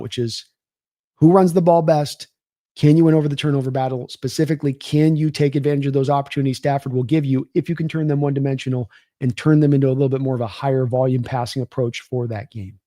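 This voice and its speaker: A young man hosts a live football stream in a slightly high voice with a dark tone, recorded cleanly in studio conditions with no room sound. He rambles casually, reading viewer comments aloud and thanking people by name.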